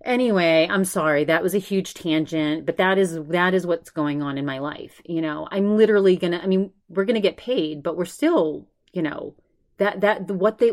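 A woman hosting a podcast, giving a rambling personal update with restarts and laughs, anxious and shaken. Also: lowish voice. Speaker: podcast host.

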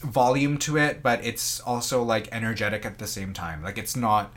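A man's voice: medium pitch, fairly even intonation, normal speed, a bit bright. A man chatting casually as a podcast guest, rambling with many fillers and restarts as he describes things. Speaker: sommelier guest.

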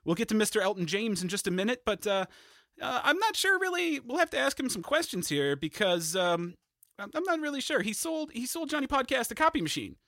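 Nervous, rambling high-voiced man. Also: big pitch swings, pushed and bright, dry recording, clean studio sound. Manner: rambling and nervous, full of fillers, quick to apologize. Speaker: podcast producer and stand-in host. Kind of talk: comedic podcast banter.

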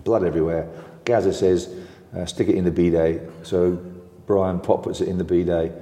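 An older man with a lively, anecdotal storytelling manner, recounting old football tales as an interview guest and laughing often. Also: deep voice, normal speed, roomy sound, in a large hall.

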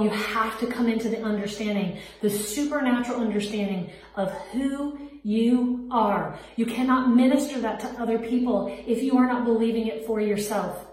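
Woman podcast host, heartfelt preacherly testimony, slightly high pitch, distant mic. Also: a little mellow. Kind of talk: personal faith testimony. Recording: very echoey room, distant mic.

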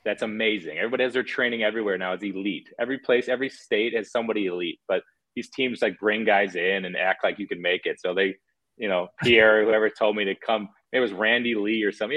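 A man's voice: lowish voice, steady tone, fast, fairly bright tone, muffled recording. A man in his thirties, a former hockey player, telling stories as a guest on a casual podcast in a rambling way full of restarts. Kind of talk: casual storytelling chat.

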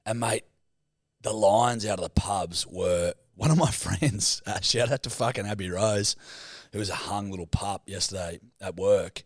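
A young Australian man co-hosting a podcast, telling rowdy, sweary stories with loud bursts of laughter. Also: fairly low pitch, unhurried, no room sound, studio quality. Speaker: podcast co-host. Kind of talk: casual chat.

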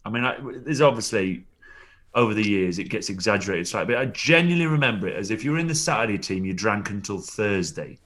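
A man's voice: on the low side, expressive, fast talker, a bit bright. A man, a former rugby player, telling rambling anecdotes with chuckles and frequent restarts in a casual interview.

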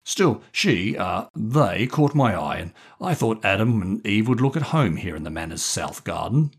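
A man voicing a pompous older male colonel who speaks in a lordly, drawn-out way, with a husky voice. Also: on the low side, sing-song, heavily acted. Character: old male country colonel, pompous, fond of chuckling.

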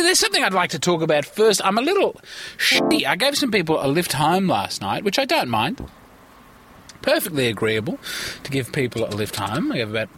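A man's voice: on the high side, sharp tone, a little hiss or hum. A tired man hosting a rambling solo comedy podcast from a parked car, with theatrical, pompous mock-indignation.

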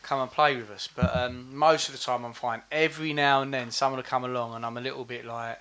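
A man's voice: medium pitch, fairly even intonation, fast talker, bright, forceful tone. A man co-hosting a podcast in casual chat, easygoing and a little hesitant.

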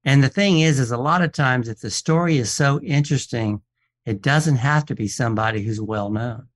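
A watch expert and appraiser guests on a relaxed radio show, sharing stories at a moderate pace with a pitch in the middle of the male range. He tells them animatedly, quotes the people in dialogue, and keeps restarting his sentences.

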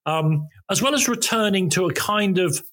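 A man with a slightly raised pitch and a husky edge tells long music anecdotes over a home call. He circles back, stumbles over his starts with "um" and "uh", and keeps the tone casual and chatty. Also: expressive, normal speed, a bit bright. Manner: rambling, self-interrupting, many ums and restarts. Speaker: podcast guest, former music journalist. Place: corner of a room at home. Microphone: home recording, video call.

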